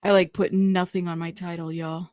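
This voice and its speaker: A woman's voice: fairly low pitch, level tone, moderate pace, a little mellow, dry recording, studio quality. A woman hosting a casual live stream, upset and a bit scattered as she greets viewers and fumbles with her screen.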